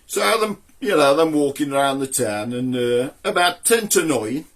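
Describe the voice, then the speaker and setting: A man's voice: on the high side, expressive, moderate pace, a bit bright. A man with a Black Country accent, hosting a comedy show and telling jokes in a chatty way. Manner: chatty joke-teller. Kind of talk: comic storytelling.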